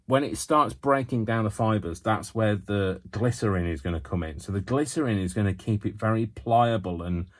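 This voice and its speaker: A man's voice: lowish voice, normal speed, few pauses. A man chatting his way through a hands-on craft tutorial at home, wandering off into self-mocking asides.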